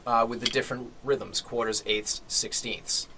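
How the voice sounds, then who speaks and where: A man's voice: mid-range voice, moderate pace, background noise. A man teaching a drum lesson, explaining step by step and often checking in with "okay?". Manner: relaxed explaining, frequent "okay?" check-ins.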